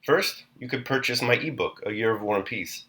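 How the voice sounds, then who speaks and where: A man hosting and reading a classic novel aloud chapter by chapter, in a measured, clear narration. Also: medium pitch, bright, forceful tone. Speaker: host and reader. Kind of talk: audiobook narration.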